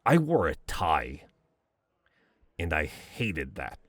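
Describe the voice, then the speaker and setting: A man's voice: very deep voice, huge pitch swings, slow, a bit bright, dry recording. A young man playing a boyfriend in a romantic voicemail role-play, reminiscing fondly, laughing often and swearing casually.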